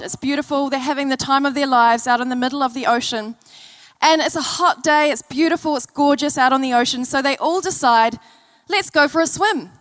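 High-voiced woman preaching a sermon. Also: fairly bright tone. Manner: earnest, storytelling, repeats key phrases. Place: church service.

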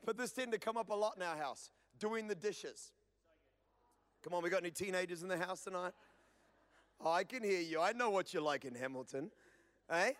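High-voiced, impassioned male preacher. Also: expressive, moderate pace, pauses often. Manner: impassioned preaching that builds to loud calls to the congregation. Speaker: pastor. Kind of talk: sermon. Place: church service before a congregation.

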